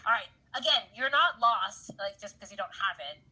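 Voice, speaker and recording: A woman's voice: mid-range voice, expressive, normal speed, pushed and bright, breathy edge, low-quality recording. A woman instructor giving a casual anatomy lab lecture over slides, chatty and often checking in with her students. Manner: chatty, keeps checking in with "right, guys?"; laughs easily at her own jokes.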